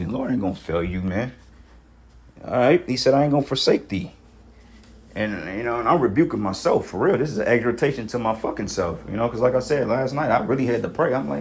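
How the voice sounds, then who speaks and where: A man's voice: medium pitch, lively intonation, quick pace, a little mellow. A man giving an informal sermon to his brothers, exhorting in casual street talk with frequent profanity and repeated "you know what I'm saying". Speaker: preacher.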